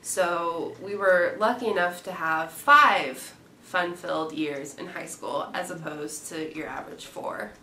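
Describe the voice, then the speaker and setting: A young woman with a drawl telling a high school story in casual vlog style, acting out the quoted lines. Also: unhurried, pushed and bright. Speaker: vlog co-host. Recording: echoey room with faint noise.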